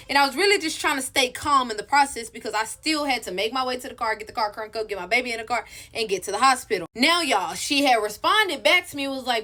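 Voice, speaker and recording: Young woman vlogger, high and bright voice, profane, chatty storytime. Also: quick pace, few pauses. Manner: candid, profane, addresses viewers directly. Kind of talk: casual storytelling.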